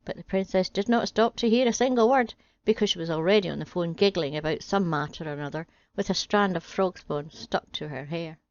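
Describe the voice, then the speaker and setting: A woman's voice: fairly low pitch, a little fast, few pauses, dry recording, muffled recording. A woman reading a comic fairy tale as a storyteller, with a dry, wry delivery.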